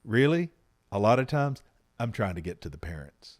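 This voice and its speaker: A man's voice: lowish voice, sing-song, normal speed. Earnest middle-aged man hosting. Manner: earnest, reflective and openly heartfelt. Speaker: podcast host. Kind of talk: candid conversation with his spouse.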